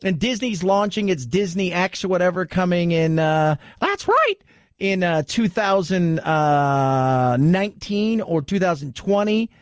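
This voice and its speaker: A man hosting a talk radio show, commenting in an animated, rambling way with restarts. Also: sits high, unhurried, few pauses, dry recording, studio quality.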